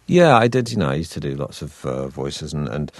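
A comic actor in an interview, telling anecdotes with lots of restarts and chuckles. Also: male voice, rumbling low, big pitch swings, fairly quick, no room sound. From Britain. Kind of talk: casual interview chat.

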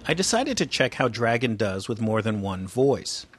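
A man's voice: on the low side, very animated, moderate pace, noisy background. A man delivering a radio news report in a plain, conversational way.

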